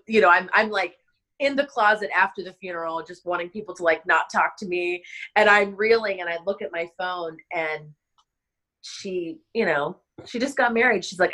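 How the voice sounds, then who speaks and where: A woman's voice: on the low side, pushed and bright, rough recording. Woman wedding planner telling a story. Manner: emotional, halting, many restarts and fillers. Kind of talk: casual interview storytelling.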